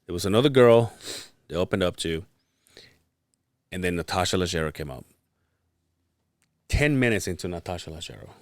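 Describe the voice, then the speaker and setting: A man's voice: low voice, normal speed, long pauses, no room sound, clean studio sound. A man co-hosting a podcast, telling a story in casual chat, swearing and acting out what people said. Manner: profane, animated storytelling with acted-out quotes. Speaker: podcast co-host.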